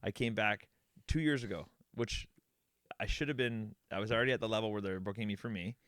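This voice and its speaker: A man, a magician and comedian, chatting casually as a podcast guest and telling animated stories. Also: on the low side, quick pace, dry recording, clean studio sound. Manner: animated storyteller, acts out other people's voices. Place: basement.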